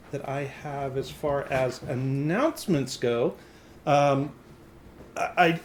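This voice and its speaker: A man's voice: medium pitch, a little hiss or hum. A man hosting a tabletop game stream, giving loose, rambling announcements full of fillers and restarts. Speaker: game master and host.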